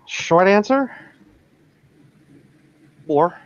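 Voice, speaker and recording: A man voicing a calm, seasoned female werewolf mentor who speaks patiently and reassuringly. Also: high-pitched, drawn-out words, exaggerated voice. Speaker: game master. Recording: dull dry lo-fi recording.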